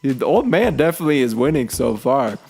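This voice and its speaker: A man's voice: medium pitch, big pitch swings, a little fast, vocal fry, darkish tone, breathy edge. A man casually commenting while playing a video game, amused and laughing often. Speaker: let's player. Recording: faint game music behind.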